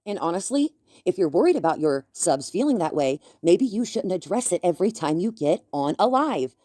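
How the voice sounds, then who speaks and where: A woman's voice: lowish voice, big pitch swings, normal speed, warm tone, no room sound, studio quality. A woman delivering a confrontational commentary rant, talking with a slight lisp from a bitten tongue. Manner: confrontational, scolding. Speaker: commentary YouTuber. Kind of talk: ranting commentary.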